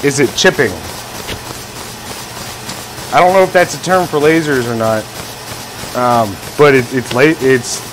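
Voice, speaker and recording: A man's voice: medium pitch, a little slow, pauses often, background noise. A man hosting a casual livestream from his workshop, who rambles, jokes, and acts out imagined scenes. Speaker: livestream host, engraver.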